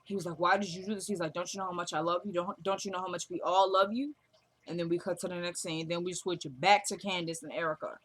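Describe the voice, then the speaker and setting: A woman's voice: on the low side, fairly even intonation, fast talker, fairly bright tone. A woman recapping a TV drama episode in casual chat, retelling scenes through quoted dialogue and gushing about the actors. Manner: gushes, laughs. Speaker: TV episode reviewer.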